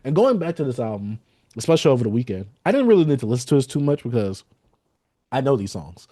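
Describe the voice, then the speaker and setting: A man's voice: mid-range voice, fast, no room sound, clean studio sound. A man co-hosting a podcast, chatting casually about an album and acting out his reactions. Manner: animated, quotes lyrics and acts out reactions. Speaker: podcast co-host. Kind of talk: casual album review chat.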